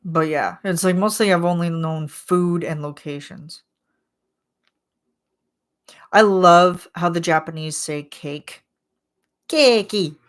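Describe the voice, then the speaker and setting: A woman hosting a casual chat vlog, rambling with lots of filler words and frequent laughs. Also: on the low side. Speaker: channel host.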